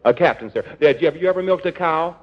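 A man hosting a live radio quiz in the 1940s, trading quick playful ad-libs with contestants. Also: fairly high pitch, lively intonation. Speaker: quiz master and comedian. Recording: dull lo-fi 1940s radio broadcast.

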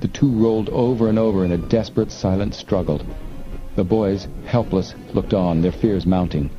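A man narrating an audiobook in a measured, steady manner. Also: sits low, muffled recording, over music. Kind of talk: scripted narration.

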